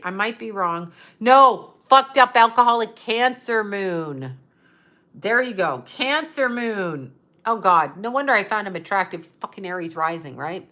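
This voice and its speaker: A woman's voice: medium pitch, bright, forceful tone. A woman hosting a livestream, talking casually and bluntly with lots of swearing, rambling and thinking aloud while she answers viewers. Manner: blunt, profane, opinionated; trails off, talks to herself while looking things up. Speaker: livestream host answering chat.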